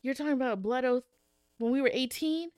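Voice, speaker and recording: A woman's voice: sits high, fast, a little mellow, clean tone, no echo. A woman co-hosting a book podcast, recapping chapters casually and acting out the characters' lines.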